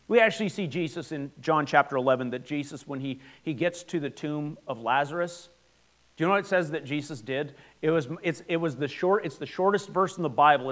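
A man in his forties delivers a sermon with a fairly high voice. He speaks earnestly and conversationally, often turning to the congregation with questions. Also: fairly bright tone. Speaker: pastor. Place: church hall before a congregation.

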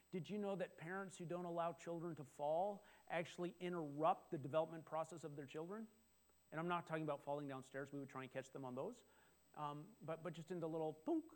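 Man, sermon, middle-aged pastor, slightly high voice, chatty with halting restarts, sudden loud excited bursts.

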